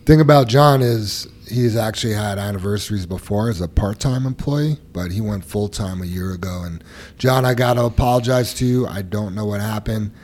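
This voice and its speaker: A man's voice: fairly low pitch, moderate pace. A man hosting a casual workplace podcast, joking and running through announcements. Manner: relaxed, joking, runs the segments. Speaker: podcast host.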